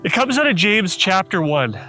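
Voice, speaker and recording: A man's voice: sits high, very animated, moderate pace, bright, forceful tone, soft background music. A man preaching a sermon, telling a personal story with feeling and acting out the voices in it, his voice rising to pleading cries. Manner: emotional, acts out quoted voices, rises to pleading cries. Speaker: pastor.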